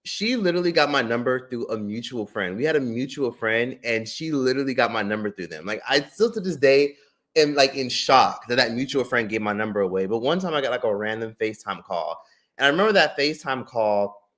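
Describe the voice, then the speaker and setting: This is a man at a mid-range pitch, chatting on his livestream and telling a story. He talks loosely and animatedly, swearing freely and leaning on "like" as filler. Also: a bit bright. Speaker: streamer and drama commentator.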